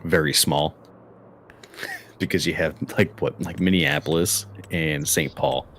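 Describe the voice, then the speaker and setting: A man's voice: extremely low pitch, a little slow. A man hosting a casual gaming chat, rambling with lots of "like"s and restarts. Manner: rambling, with many likes and restarts. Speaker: streamer and host. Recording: loud steady background hum.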